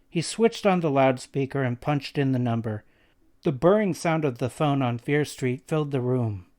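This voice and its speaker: A man's voice: medium pitch, unhurried, a little mellow. A man reading a scary young-adult novel aloud as narrator. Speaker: reader. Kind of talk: audiobook narration.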